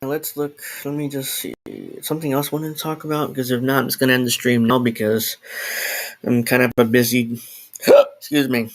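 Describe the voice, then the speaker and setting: A man's voice: mid-range voice, little pitch movement, fairly quick. Rambling man talking to a live stream. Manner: rambling, self-interrupting, swears and laughs. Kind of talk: casual solo live stream. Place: home, in New Jersey.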